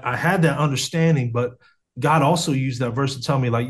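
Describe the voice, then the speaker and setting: A man's voice: mid-range voice, a little fast. A man in his thirties from the United States, telling his life story as a guest on a video call, earnest and casual, with many restarts and slang like "man" and "bro". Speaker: guest sharing testimony. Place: home setup on a video call.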